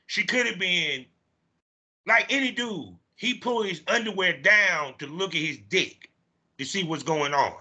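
Bright, raspy-voiced blunt man. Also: high-pitched, lively intonation, measured pace. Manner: blunt, argues his point step by step. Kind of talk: casual chat.

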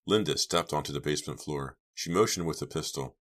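A man narrating a horror novel audiobook in a measured, steady reading. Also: a bass voice. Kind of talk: scripted narration.

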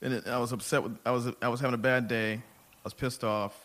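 A man who does stand-up comedy, telling profane stories in a casual podcast chat with big swings in loudness. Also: medium pitch, fast talker. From Texas. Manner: profane storytelling, animated swings in volume.

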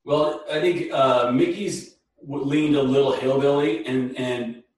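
A man chatting casually, dropping in quick reactions and asides. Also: medium pitch, fairly even intonation, recorded from a distance. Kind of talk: casual chat. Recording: echoey room, off-mic.

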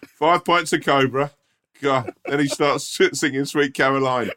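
A man's voice: medium pitch, unhurried, pushed and bright. A man co-hosting a podcast in casual chat, jokey and laughing easily. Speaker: podcast co-host.

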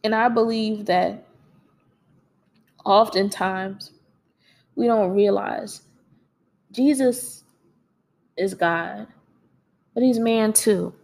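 Woman, mid pitch, gravelly fry, crying through an earnest faith talk. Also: drawn-out words, long pauses. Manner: earnest and encouraging, with soft laughs. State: tearful, crying. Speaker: speaker sharing faith. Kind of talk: personal devotional talk.

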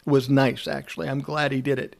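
A man's voice: mid-range voice, little pitch movement, a little fast, vocal fry, darkish tone. A man telling a casual anecdote from his time as a music producer, acting out the dialogue and swearing freely. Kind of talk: casual spoken storytelling.

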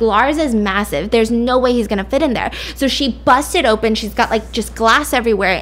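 Animated woman telling a story. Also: a little high. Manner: animated, acts out quotes with whispers and shouts. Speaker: podcast storyteller. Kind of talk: casual spoken storytelling. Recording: faint background noise.

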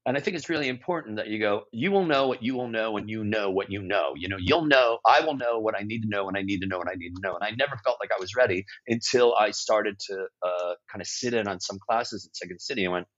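A man's voice: fairly low pitch, fast talker, hardly any pauses, a bit bright. A man in his sixties, a guest improviser and teacher, telling stories in an interview with frequent restarts, self-corrections and blunt asides. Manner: blunt, occasional swearing. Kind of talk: storytelling interview talk. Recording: dull lo-fi audio.

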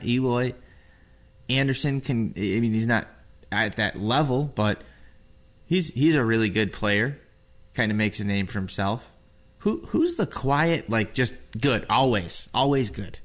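A man co-hosting a casual sports podcast, wry and rambling, with many restarts. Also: medium pitch. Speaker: podcast co-host.

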